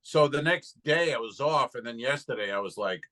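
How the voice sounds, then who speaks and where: A man's voice: mid-range voice, animated, moderate pace, pushed and bright, low-quality recording. A man, a stand-up comedian, chatting loosely on a podcast and retelling gigs with plenty of swearing. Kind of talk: casual chat.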